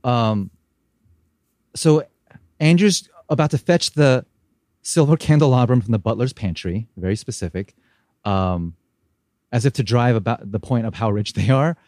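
A man co-hosting a casual podcast, retelling scenes with animated, mocking delivery. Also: medium pitch, a little slow, pauses often, no room sound, clean studio sound. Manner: animated storyteller, mocking quoted lines. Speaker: podcast co-host. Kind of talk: casual recap chat.

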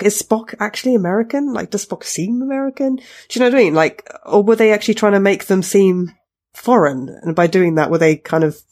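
A woman's voice: medium pitch, darkish tone. A woman co-hosting a podcast, chatting casually and raising questions, with lots of "like". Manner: questioning, uses "like" often. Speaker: podcast co-host. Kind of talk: casual discussion.

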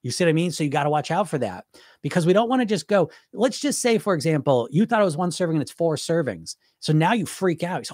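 A man's voice: on the high side, big pitch swings, quick pace, a little mellow, dry recording, clean studio sound. A man coaching about weight loss in a casual, rambling live-stream talk, full of restarts and asides.

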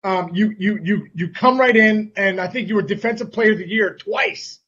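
Man, podcast host, high husky voice, winding questions, muffled audio. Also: big pitch swings, moderate pace, a bit bright. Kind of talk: interview questions.

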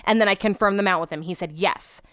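A woman's voice: mid-range voice, fast talker, fairly bright tone, no echo, studio quality. A woman hosting a podcast, telling a story in a casual, rambling way, full of "like"s and frank swearing. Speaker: podcast host.

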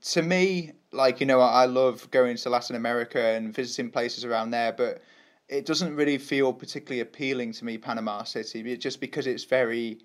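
A man hosting a podcast, asking his guest questions in a relaxed, chatty way. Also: medium pitch, a little fast. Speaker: podcast host. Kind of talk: casual podcast chat.

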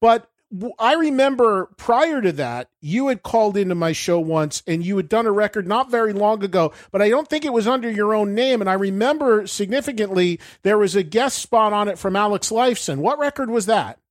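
A chatty male host talks with a guest from his radio studio, effusive and ready to laugh. His voice sits high for a man. The sound is close and dry. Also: expressive, brisk, few pauses, no room sound. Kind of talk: casual interview.

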